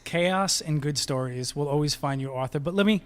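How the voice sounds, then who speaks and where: A man's voice: on the high side, moderate pace, clear, resonant tone. A man hosting a podcast in a bar, joking and easygoing as he sets up an interview. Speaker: podcast host. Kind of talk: casual podcast chat. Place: closed bar.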